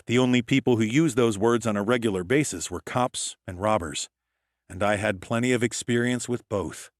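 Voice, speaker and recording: Male audiobook narrator, low voice, wry hardboiled tone, dry close sound. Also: moderate pace, no echo. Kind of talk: scripted first-person narration.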